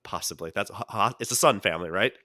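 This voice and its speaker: A man co-hosting a casual podcast, telling stories in an animated way and slipping into quoted voices. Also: on the low side, fast, dry recording, studio quality. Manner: animated storyteller who jumps into quoted voices. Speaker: podcast co-host.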